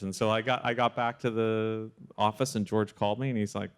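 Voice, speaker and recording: A man, a sound supervisor, telling a story in a casual interview with animated delivery and frequent restarts. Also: lowish voice, fairly quick, clear, resonant tone.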